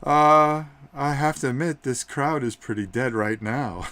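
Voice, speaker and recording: A man doing a slow deadpan coroner. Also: mid-range voice, no echo, natural voice. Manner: deadpan, slow, dry jokes. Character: deadpan male coroner turned wrestler.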